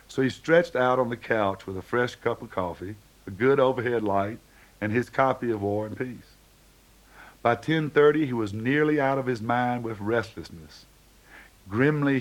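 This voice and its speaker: A man's voice: mid-range voice, rough recording. A man reading a novel aloud as narrator, shading the dialogue lightly for each character. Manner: reads dialogue with small shifts for each character. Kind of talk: audiobook narration.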